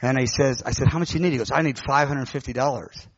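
A middle-aged man, a pastor telling a lively story in a sermon and acting out the voices of the people in it. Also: medium pitch, fast, breathy edge, no room sound. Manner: animated, acts out quoted voices. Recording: dull lo-fi recording.

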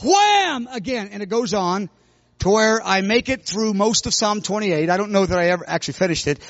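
A middle-aged man preaching, telling a personal story with sudden loud outbursts. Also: sits high, a little fast, no room sound, muffled recording. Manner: animated, bursts into loud shouts when retelling. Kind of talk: sermon testimony storytelling.

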